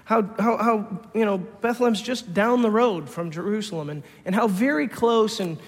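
A male pastor tells a story in a loose, conversational sermon style, often stopping and restarting his phrases. His voice sits noticeably high for a man. A long hall reverb hangs on his words. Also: normal speed.

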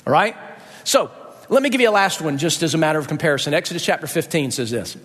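A male pastor preaching a sermon, emphatic and rising sharply in pitch to stress points. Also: expressive, fast, fairly bright tone, slightly rough, big-room sound.

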